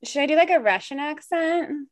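A woman's voice: sits high, normal speed, no room sound. A young woman co-hosting a casual podcast, reading listener stories aloud and laughing often. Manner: giggly, animated, laughs often while reading. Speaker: podcast co-host.

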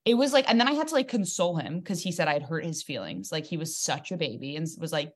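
A young adult woman comedian telling a dating story in casual podcast chat, animated and joking, with quick asides. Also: low-pitched. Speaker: comedian guest.

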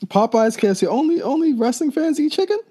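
Male podcast co-host, high lively voice, husky edge, teasing interrupter. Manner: teasing, interrupting with quick reactions. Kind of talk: casual chat.

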